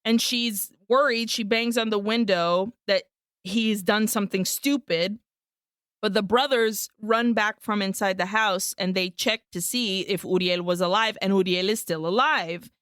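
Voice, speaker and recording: Animated woman retelling a film. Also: medium pitch, a little slow, smooth, no room sound, studio quality. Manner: animated retelling, mixing Spanish words into English; swears freely and laughs often. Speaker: podcast co-host. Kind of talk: casual chat.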